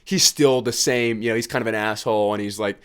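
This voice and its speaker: A man's voice: fairly low pitch, fairly even intonation, fast talker, a bit bright, clear, resonant tone. A man hosting a casual solo podcast, tired and rambling, cracking self-mocking jokes and laughing at them. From United States. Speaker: podcast host.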